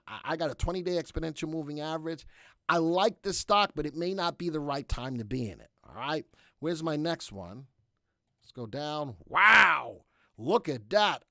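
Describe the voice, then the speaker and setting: A man's voice: a little high, no echo, studio quality. A man hosting a live stock market analysis webcast, reading charts with exuberant, folksy exclamations and talking straight to his viewers. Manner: talks straight to viewers, asking for chat replies.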